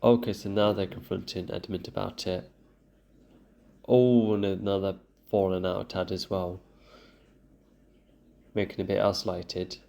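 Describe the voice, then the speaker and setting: A man, voice sitting low with a gravelly edge. He reacts to a show in casual commentary, thinking aloud as he goes. He stops and restarts often with ums. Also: little pitch movement, unhurried, pauses often, dark tone. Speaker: reaction video host.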